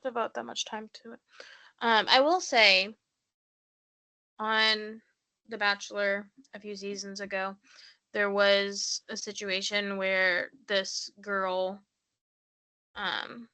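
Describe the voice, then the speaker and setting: Unhurried, bright-voiced woman co-host. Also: medium pitch, smooth. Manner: relaxed, with short agreeing replies and hesitant "um"s. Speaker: podcast co-host. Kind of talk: casual chat.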